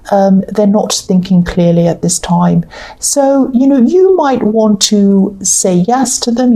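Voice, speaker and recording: Tired, croaky-voiced woman reading tarot. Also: mid-range voice, warm tone, rough recording. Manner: earnest, repetitive, advising. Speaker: tarot reader.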